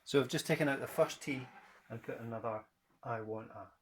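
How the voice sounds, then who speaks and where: A man's voice: medium pitch, fairly quick. A man from Scotland teaching a guitar rhythm lesson, counting in and chanting rhythm words in time.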